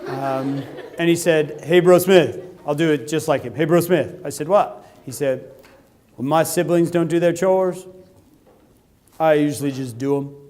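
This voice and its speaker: Animated man telling stories to teens. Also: on the high side, a little slow, pauses often. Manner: animated storytelling with acted quotes. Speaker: youth speaker. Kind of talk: humorous talk to teenagers. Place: conference hall.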